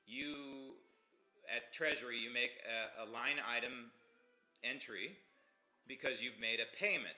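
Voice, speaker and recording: A man hosting a political commentary livestream, opinionated and mocking, swinging from loud outbursts to low asides. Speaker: host.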